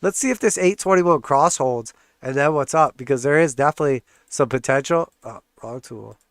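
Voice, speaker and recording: A man's voice: on the high side, fairly quick, clean tone, no echo, studio quality. A man with a congested, stuffed-up voice hosting a live trading stream, walking through charts in a casual, joking way. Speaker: trading channel host.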